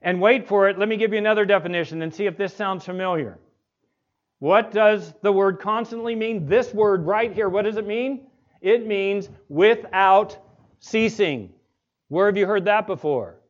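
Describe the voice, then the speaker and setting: A male pastor preaching an expository sermon, asking the congregation rhetorical questions and slowing down to stress key words. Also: high-pitched. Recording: dull lo-fi recording.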